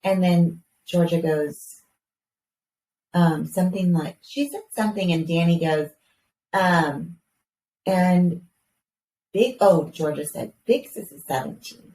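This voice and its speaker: A woman in her thirties co-hosting a casual podcast, telling a lively story about her young kids, swearing casually and acting out their voices. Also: fairly low pitch, slow, long pauses. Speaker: podcast co-host. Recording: roomy, distant mic with faint background hiss.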